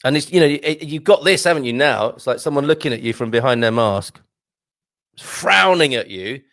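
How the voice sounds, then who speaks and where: A man's voice: medium pitch, lively intonation, normal speed, fairly bright tone, dry recording. A man hosting a morning live stream, chatting casually and joking as he reads out viewer comments from a home studio. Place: home studio with a green screen.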